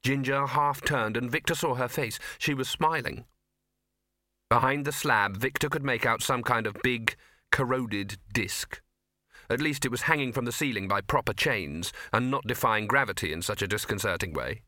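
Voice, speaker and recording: A man reading a fantasy novel as audiobook narrator, with measured storytelling. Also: mid-range voice, pushed and bright, dry recording, studio quality. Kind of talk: scripted narration.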